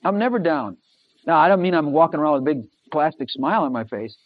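A man preaching a sermon, emphatic and repetitive, swinging between loud and hushed. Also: fairly high pitch, lively intonation, fast talker. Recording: dull lo-fi recording.

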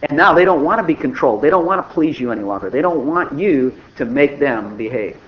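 A man's voice: mid-range voice, animated, brisk. An older man giving an informal, conversational sermon, acting out little dialogues as he goes. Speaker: preacher. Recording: dull lo-fi recording with faint noise.

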